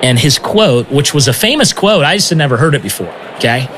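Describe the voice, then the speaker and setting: A man sharing a personal testimony in an interview, earnest and animated, often stumbling over repeated words. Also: fairly high pitch, a little fast, slight background noise.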